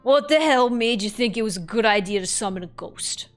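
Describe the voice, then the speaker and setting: A woman voicing a blunt, foul-mouthed female rag doll spirit with a New York accent, gruff and exasperated. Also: a little high, lively intonation, fairly quick, faint music behind, lightly acted.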